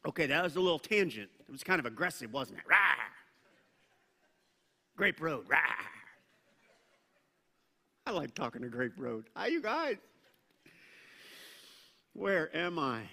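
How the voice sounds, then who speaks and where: Middle-aged male pastor, bright and slightly high voice, chatty sermon with punchy bursts, echoing church hall. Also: big pitch swings, moderate pace, gravelly, pauses often. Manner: conversational, joking asides, bursts of emphasis.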